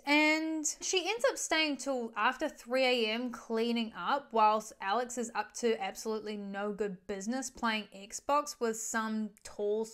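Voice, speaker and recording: A woman's voice: on the high side, unhurried, few pauses, clear, resonant tone. A young woman chatting through a gossipy, chaotic movie recap as a vlogger. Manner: chaotic, gossipy, animated retelling with quoted asides.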